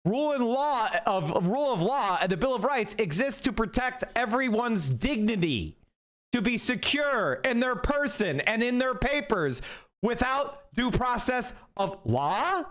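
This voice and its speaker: A man's voice: very high-pitched, very animated, a little slow, fairly bright tone. A man commentating on a court ruling, breaking off into angry, profane, incredulous tirades. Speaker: political commentator. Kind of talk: reading a court ruling aloud and ranting over it.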